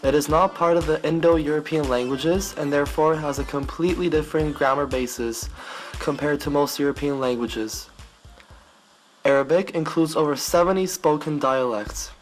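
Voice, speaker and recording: A man narrating an educational piece in a measured, explanatory reading style. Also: on the high side, soft background music, low-quality recording.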